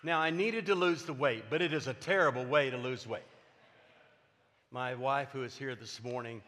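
Older pastor in a reverberant hall. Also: male voice, mid-range voice, a bit bright. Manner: earnest, personal testimony with emphatic repetition. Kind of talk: sermon. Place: church sanctuary.

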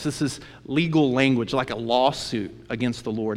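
A man with a medium-pitched voice preaches at normal speed with few pauses, his words carrying the long reverb of a large hall. He teaches on a Bible book in an emphatic, conversational way, echoing phrases as he retells the story.

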